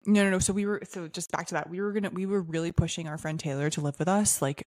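A woman's voice: lowish voice, quick pace, darkish tone, no room sound. A young woman co-hosting a podcast in a casual, chatty way, agreeing readily and trailing off mid-thought. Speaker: podcast co-host. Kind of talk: casual chat.

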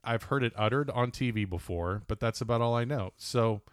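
A man's voice: medium pitch, fairly quick, clean tone, dry recording, studio quality. A man co-hosting a podcast in casual chat, bantering and joking. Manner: jokey, animated banter. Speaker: podcast co-host.

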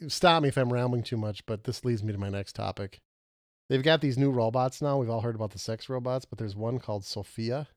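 A man's voice: medium pitch, fairly quick, no room sound, clean studio sound. A middle-aged man co-hosting a casual chat, rambling and joking, often stumbling over his words. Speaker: podcast co-host.

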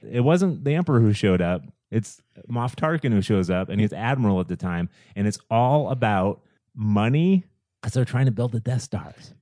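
Animated man rambling about movies. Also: fairly low pitch, normal speed, no echo, studio quality. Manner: animated, rambling with restarts and rhetorical questions. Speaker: podcast co-host. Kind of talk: casual film discussion.

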